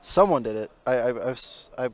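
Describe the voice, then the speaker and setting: A man in relaxed, chatty co-commentary on a live-streamed card game. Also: mid-range voice, brisk. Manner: relaxed, chatty, laughs easily.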